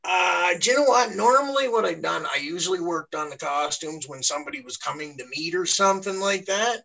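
A man's voice: high voice, lively intonation, fairly quick, creaky, pushed and bright, rough recording. A man being interviewed as a podcast guest, talking openly and often restarting his sentences. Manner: earnest, stammering restarts. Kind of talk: candid podcast conversation.

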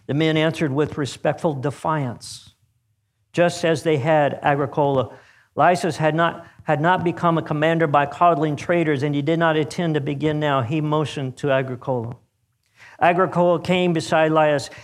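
A man narrating a story aloud in a measured, dramatic reading. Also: on the high side, fairly even intonation.

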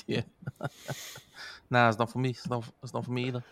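A man's voice: medium pitch, completely flat delivery, brisk, creaky, a bit bright, no room sound. Chatty New Zealand podcast man. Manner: chatty, steers the topics, laughs often. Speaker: podcast co-host. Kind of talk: casual chat.

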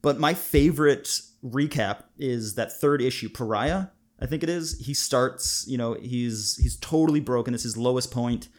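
A man's voice: mid-range voice, moderate pace, few pauses. A man co-hosting a casual podcast chat, talking with enthusiasm and laughing often. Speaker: podcast co-host.

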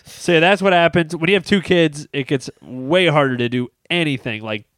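A man's voice: a little high, normal speed, no echo, studio quality. A young man telling a funny story. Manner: animated storyteller, laughs often. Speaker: podcast co-host, pastor. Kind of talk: casual storytelling chat.

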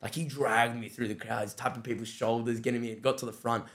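An Australian man, a podcast guest, telling stories in a casual chat, lively and acting out what people said. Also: medium pitch, fast talker. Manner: animated, acts out quoted dialogue, says "bro" often.

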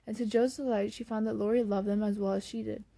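A woman reading a classic novel aloud in plain, steady storybook narration, now and then correcting a slipped word. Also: mid-range voice, quick pace, vocal fry, no room sound. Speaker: audiobook reader.

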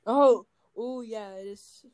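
A woman's voice: fairly high pitch, slow, darkish tone. A woman on a casual podcast, telling a long story with lots of fillers and restarts, talking over a voice call. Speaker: podcast co-host. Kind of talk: casual chat.

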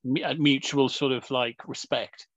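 A man's voice: medium pitch, fairly even intonation, measured pace, fairly bright tone, no echo. Man, hesitant casual talk, dry, lo-fi. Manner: thoughtful, hesitant, lots of fillers. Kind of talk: casual chat. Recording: dull, dry lo-fi audio.

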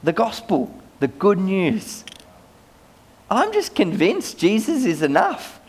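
A man's voice: high voice, wildly swooping pitch, slow pace, slightly rough. A man preaching a sermon as a pastor, conversational, often repeating words as he starts sentences.

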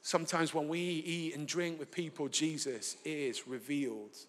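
A man with a Northern English accent preaches a live sermon, his higher-pitched voice trailing a long reverb through a large church hall. He tells stories with animation and acts out the dialogue in them. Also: normal speed. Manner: lively storytelling, acts out dialogue. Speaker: pastor. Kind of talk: sermon with anecdotes.

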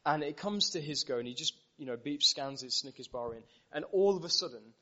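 A British man preaching a sermon, telling stories with animated, emphatic repetition. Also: a little high, fairly quick. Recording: dull muffled recording.

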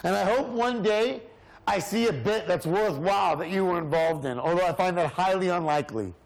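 A man's voice: sits high, fairly quick, vocal fry, low-quality recording. An actor playing an entitled male rapper who rants at his friend in an abrasive, cursing film scene. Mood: bitter rant.

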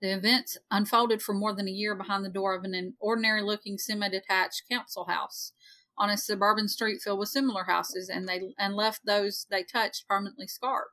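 A woman's voice: mid-range voice, fairly even intonation, a little fast, bright, forceful tone. A woman in her forties co-hosting a podcast, reading a ghost story aloud with joking asides. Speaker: podcast co-host.

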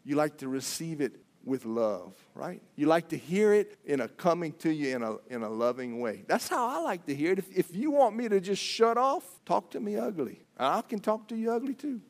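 A man preaching a sermon in a relaxed, folksy manner, as a church elder talking with his congregation. His voice sits a little higher than most men's, and he keeps putting questions straight to the listeners. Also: moderate pace, few pauses.

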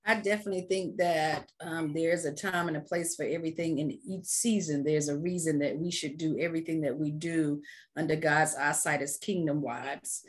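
Low-voiced woman, measured faith talk. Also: fairly even intonation, breathy edge. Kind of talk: casual faith podcast talk.

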